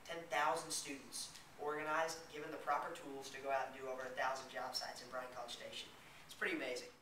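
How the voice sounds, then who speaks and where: A man's voice: mid-range voice, level tone, quick pace, bright, forceful tone, a little hiss or hum. A young man presenting to a group in an enthusiastic, explaining way. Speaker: student speaker. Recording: echoey room, far from mic.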